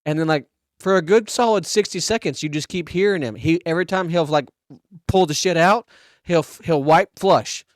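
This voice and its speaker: A man on a podcast telling a crude, animated story between laughs in casual chat. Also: fairly high pitch, normal speed, no echo, studio quality. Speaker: podcast co-host.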